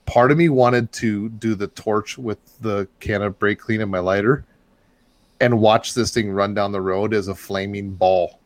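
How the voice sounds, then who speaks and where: A man telling a long story in casual chat, rambling and getting loud and animated as it builds. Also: lowish voice, a little slow, dry recording. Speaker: podcast host telling a story.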